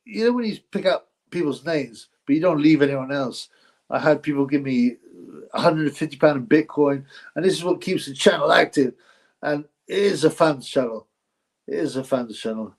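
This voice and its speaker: A man hosts a casual live stream, reading donations, rambling, repeating himself, and thanking donors effusively. His voice is a little high and a little mellow.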